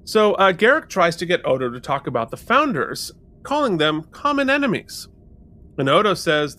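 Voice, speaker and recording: A high-pitched male co-host talks at normal speed in a casual podcast chat. He recaps and reviews a TV episode with animation, quoting lines as he goes.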